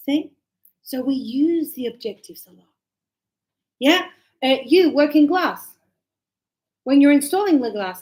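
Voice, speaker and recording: A high-voiced, middle-aged woman teaches an English class in a lively, chatty way. She keeps breaking into short acted-out example dialogues to show her point. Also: normal speed, pauses often, poor audio. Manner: animated, acts out little example dialogues.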